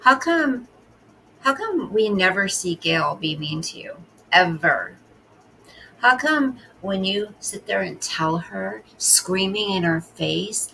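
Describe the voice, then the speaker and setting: A woman's voice: medium pitch, lively intonation, slow, gravelly, pushed and bright, a little hiss or hum, poor audio. A woman hosting a casual reaction commentary, talking bluntly and sarcastically as she scolds the person in the clip. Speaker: commentary host.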